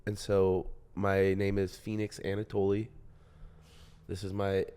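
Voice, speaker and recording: A man with a fairly low voice hosts a relaxed podcast conversation. He teases his guests, laughs easily and keeps the chat loose and playful. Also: measured pace, clear, resonant tone. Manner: joking, laughs often. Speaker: podcast host. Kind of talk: casual chat. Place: podcast studio.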